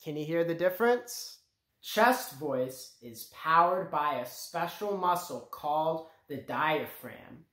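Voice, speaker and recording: A man teaching young children about singing, talking slowly and clearly and encouraging them to join in. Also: on the high side, expressive, fairly bright tone, reverberant. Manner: slow, clear and encouraging, speaking directly to children. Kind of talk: children's music lesson.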